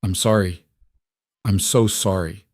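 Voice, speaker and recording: A man's voice: sits low, fairly even intonation, slow, no echo, clean studio sound. A man voicing a stern, grieving nobleman duke in a storybook reading. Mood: broken. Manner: icy then pained.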